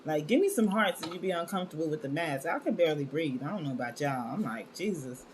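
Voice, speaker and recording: Woman host, lowish voice, loose chatty live-stream delivery, faint room noise behind. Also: expressive, fast, a little mellow. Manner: chatty, scattered, addresses viewers as y'all. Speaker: wellness show host. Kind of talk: casual live-stream talk.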